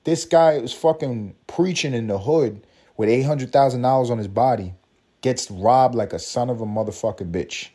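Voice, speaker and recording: A man's voice: mid-range voice, moderate pace, mellow. A man hosting a podcast, ranting in a profane, mocking, storytelling way. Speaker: podcast host. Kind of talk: profane comedic rant.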